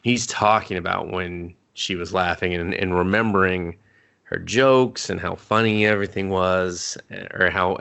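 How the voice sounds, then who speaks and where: Male podcast co-host, low gravelly voice, loose rambling recap, acts out lines. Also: a bit bright. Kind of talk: casual movie review chat.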